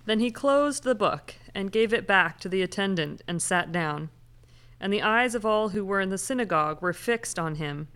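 A woman's voice: mid-range voice, expressive, moderate pace, fairly bright tone, clear, resonant tone. Woman reading scripture aloud. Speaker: scripture reader.

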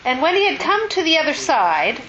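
A woman reading scripture aloud at a Bible study, steady and measured. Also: sits high. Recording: dull, faint hiss.

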